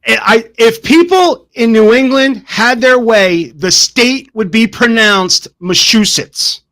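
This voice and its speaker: Male podcast host from New Jersey, high voice, halting and rambling. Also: fairly bright tone. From New Jersey, United States. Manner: rambling, halting, many restarts. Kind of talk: casual interview chat.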